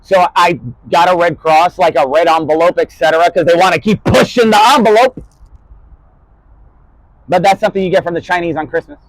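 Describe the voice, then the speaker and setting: A man talking in a rambling spoken-word monologue, jumping between topics and swearing, his voice rising and falling in loudness. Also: high voice, fairly even intonation, fairly quick, long pauses, dry recording, poor audio.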